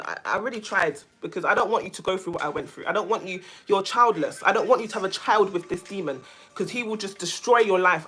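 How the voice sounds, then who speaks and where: A woman vlogger talking casually to her viewers, animated and emphatic, often repeating phrases for stress. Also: mid-range voice, slightly rough. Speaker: vlogger, self-care coach. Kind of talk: casual chat to camera.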